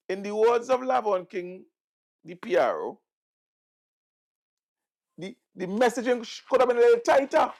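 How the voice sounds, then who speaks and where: A man's voice: extremely high pitch, expressive, normal speed, gravelly, long pauses. A middle-aged man with a Vincentian accent, hosting political commentary in a mocking, sarcastic manner and repeating words for emphasis. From St Vincent and the Grenadines. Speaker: host.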